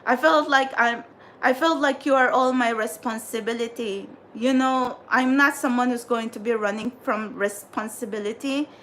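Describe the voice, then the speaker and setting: A woman with a high, light voice rants on her livestream, exasperated and scolding, circling back to the same points again and again. A faint hum sits behind her. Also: fairly even intonation, normal speed, fairly bright tone. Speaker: tarot livestream host. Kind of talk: frustrated livestream rant.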